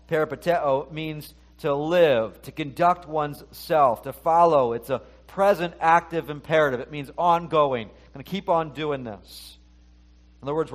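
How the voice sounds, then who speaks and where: A middle-aged male pastor giving a conversational sermon, talking to the congregation and acting out the inner voices he quotes. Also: on the high side.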